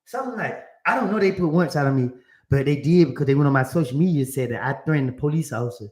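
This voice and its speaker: A man talks to an audience in loose vernacular, often doubling up his words as he tells his story. His voice sits a little high for a man. The room has an open echo. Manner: animated, repeats words, vernacular speech. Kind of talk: casual spoken storytelling. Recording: roomy echo.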